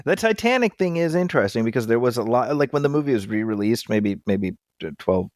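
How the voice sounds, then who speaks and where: Wry, deadpan male podcast co-host. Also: medium pitch, fairly quick. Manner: wry, deadpan jokes with stammered restarts. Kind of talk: casual film podcast chat.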